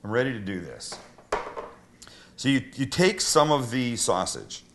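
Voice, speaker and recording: Middle-aged host cooking and chatting, easygoing and jokey. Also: male voice, medium pitch, big pitch swings, unhurried, noisy background. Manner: chatty, self-deprecating, joking. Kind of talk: casual cooking banter.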